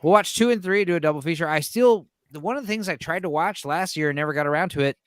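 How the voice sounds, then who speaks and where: A man hosting a casual late-night chat with friends, rambling and animated with lots of restarts. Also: fairly high pitch, fast talker, no echo, studio quality. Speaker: podcast host.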